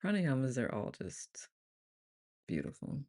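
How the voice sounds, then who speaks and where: A woman's voice: very deep voice, very animated, unhurried, dark tone. A woman leading a casual live online group session, chatty and rambling, laughing often as she talks to her group on camera. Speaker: meditation group leader. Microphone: on camera, computer mic.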